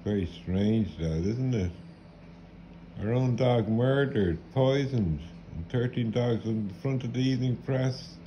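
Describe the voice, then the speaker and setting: A man's voice: mid-range voice, unhurried. A middle-aged Irish man in an angry, rambling rant, repeating curses and bitter swearing. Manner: bitter, profane, repetitive cursing. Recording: dull lo-fi with faint hiss.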